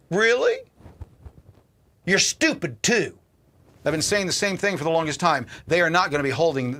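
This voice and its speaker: A man's voice: fairly high pitch, fairly bright tone. A man hosting a political livestream, ranting angrily and cursing, often repeating words and restarting sentences. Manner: angry, profane, repeats and restarts. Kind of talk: ranting commentary.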